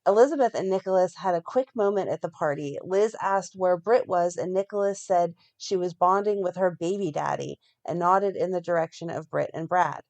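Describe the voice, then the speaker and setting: A woman co-hosting a fan podcast, reading a plot recap in a steady run and breaking off now and then to comment. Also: on the low side, normal speed, hardly any pauses. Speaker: podcast co-host recapping a soap.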